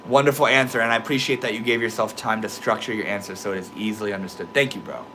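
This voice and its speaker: A young livestream host with a slight lisp reads his chat in a laid-back, casual way, swearing freely. His voice is on the low side, steady and sharp in tone, and fast, with a little hiss or hum in the recording.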